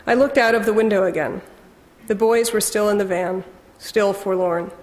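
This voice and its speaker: Brief: wry, measured first-person audiobook narrator, woman, mid pitch. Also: steady tone, darkish tone, big-room sound.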